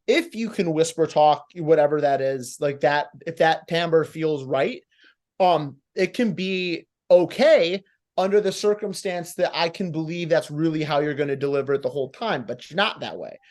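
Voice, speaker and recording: Male competition judge, high voice, blunt coaching critique, acts out examples. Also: moderate pace, a little mellow. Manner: blunt, coaching, acts out moves and lines, casual swearing. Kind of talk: live critique of wrestling promos.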